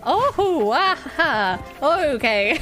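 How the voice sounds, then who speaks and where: High, lively, giggly woman streamer. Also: very slow. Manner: giggly, playful, prone to sudden shrieks. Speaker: game streamer. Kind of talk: live-streamed gameplay chat. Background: game music.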